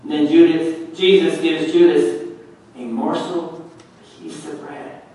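A man preaches a sermon in a fairly high voice, unhurried and emphatic. He often sinks to a near hush on key words. He is heard from some distance in a very reverberant room. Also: level tone. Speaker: pastor.

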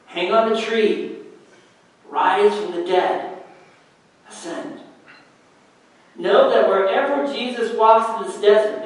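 A man preaching a sermon as pastor, in a measured way with long pauses, heard from a distance in a church. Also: high-pitched, very echoey.

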